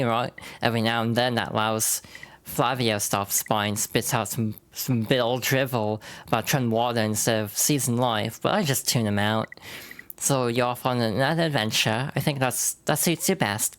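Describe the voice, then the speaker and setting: A woman voicing a laid-back male island fisherman from a video game, trying for a Cockney lilt. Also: very deep voice. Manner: attempted Cockney lilt, relaxed.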